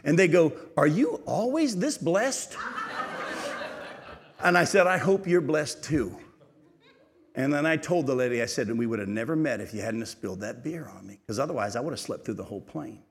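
A middle-aged male preacher telling a lively, humorous story from the pulpit, often laughing as he goes. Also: medium pitch, fast talker, breathy edge. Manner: animated storytelling, laughing at his own story. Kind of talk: sermon storytelling.

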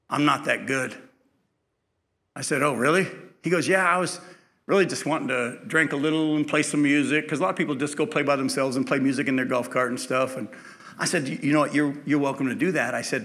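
A man's voice: fairly high pitch, bright, forceful tone. A man preaching a sermon, telling a personal story in a conversational way, acting out the dialogue, then building to emphatic preaching.

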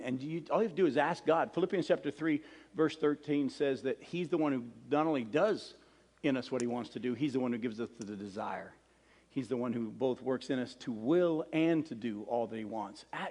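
A man preaching as a pastor, telling a joke with lively character voices before moving into an earnest prayer. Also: medium pitch, long reverb tail. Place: church hall with a congregation.

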